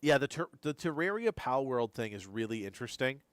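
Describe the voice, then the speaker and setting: A man's voice: medium pitch, very animated, a little fast, clean tone, no room sound. Male live-stream host, drowsy and rambling reaction commentary, resonant voice with dry close sound. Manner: rambling, repeats words while thinking aloud. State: drowsy, keeps yawning. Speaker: gaming news streamer.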